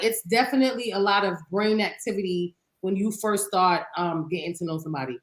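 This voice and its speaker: Woman, podcast co-host, casual animated chat, swears freely, roomy echoey sound, middle pitch. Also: brisk. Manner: animated, profane, laughs often.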